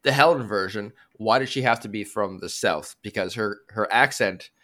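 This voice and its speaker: Wry man with a low, bright voice. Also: normal speed. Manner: wry, steers the conversation. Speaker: podcast co-host. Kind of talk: casual podcast chat.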